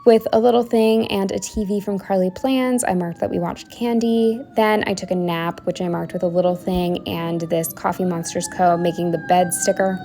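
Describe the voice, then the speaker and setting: A woman's voice: fairly low pitch, steady tone, moderate pace, few pauses, background noise. A woman talking casually as a planner vlogger, walking through her weekly spread in a rambling, chatty way with lots of fillers and trailing-off sentences.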